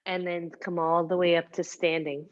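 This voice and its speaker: A woman teaching a yoga class, cueing poses calmly while moving and a little out of breath. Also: lowish voice, lo-fi sound. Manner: slow, calm cueing with breathy whoops of effort. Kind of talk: guided yoga class instruction.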